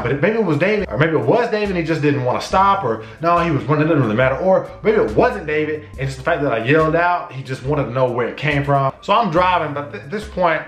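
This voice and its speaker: A man casually telling a personal story to camera, acting out his own shouts and conversations. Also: on the high side, roomy sound. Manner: animated, acts out his own shouts and dialogue. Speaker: vlogger.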